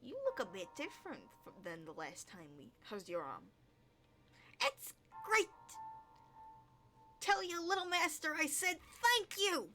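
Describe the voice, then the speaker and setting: A woman's voice: on the low side, very animated, brisk, few pauses, faint music behind. Woman doing a mocking sea tormentor. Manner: mocking, sing-song. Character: teasing mischievous sea tormentor.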